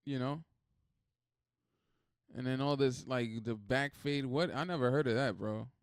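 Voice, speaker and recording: A man hosting a reaction video, talking in a rambling, animated, swearing way. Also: mid-range voice, measured pace, clean tone, no room sound, clean studio sound. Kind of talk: casual reaction commentary.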